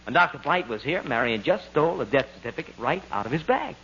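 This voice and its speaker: Cheerful scheming ghost, breezy, lively pitch, faint hiss. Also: male voice, fast, full character voice. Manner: breezy and persuasive. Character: cheerful, scheming male ghost full of plans. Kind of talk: 1940s radio comedy acting. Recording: dull, lo-fi old radio broadcast with faint hiss.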